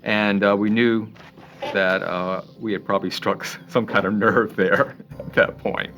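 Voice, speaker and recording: Fairly low and level, this man's voice moves a little slowly, with a fairly bright tone and slight background noise. Recalling his time as a police investigator in a relaxed interview, he retells the case by voicing other people's lines and laughing lightly.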